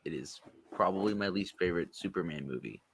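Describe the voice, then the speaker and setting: A young man co-hosting a podcast in casual, jokey chat, animated and swearing freely. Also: low-pitched, brisk, vocal fry, slight background noise. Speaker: podcast co-host.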